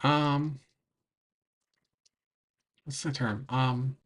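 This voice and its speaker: A man chatting casually on a livestream, answering chat, rambling and often pausing to search for words, with frequent laughs. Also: mid-range voice, fairly even intonation. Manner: laughs between phrases. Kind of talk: casual livestream chat over travel footage.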